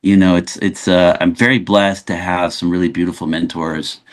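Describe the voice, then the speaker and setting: A man from Los Angeles, speaking as a guest on an interview show. His voice sits fairly low, and he tells stories with lively energy, often stopping and restarting mid-sentence. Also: normal speed. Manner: animated storyteller, frequent restarts. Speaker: guest actor. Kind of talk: casual interview chat.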